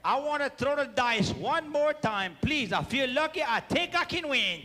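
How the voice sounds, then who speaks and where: A man voicing a small, excitable woman gambler who pleads. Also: very high voice, moderate pace, in a large hall, heavily acted. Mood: pleading. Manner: pleading, eager.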